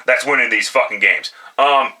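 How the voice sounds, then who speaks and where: A man's voice: medium pitch, normal speed, bright, forceful tone, rough recording. A man giving blunt, profane football picks in casual solo commentary, often restarting his sentences. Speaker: sports picks vlogger.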